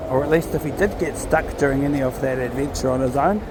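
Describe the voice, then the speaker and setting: A man talking casually and reflectively while walking his dog in a park, sometimes calling out loudly to it. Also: medium pitch, fast talker, background noise. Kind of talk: casual outdoor vlog narration. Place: outdoors in a park.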